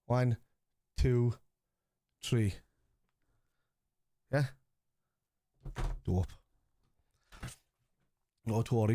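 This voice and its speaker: A man's voice: lowish voice, fairly even intonation, fairly quick, warm tone, no room sound. A man, hosting a live football watchalong and answering viewers bluntly, with plenty of swearing. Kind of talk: live stream chat reacting to viewers.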